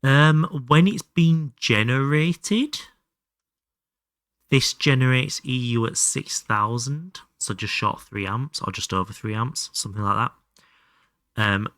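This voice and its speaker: A man's voice: on the low side, a bit bright, dry recording, clean studio sound. A young man chatting casually and thinking aloud while streaming a game, swearing freely. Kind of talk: casual live gameplay commentary.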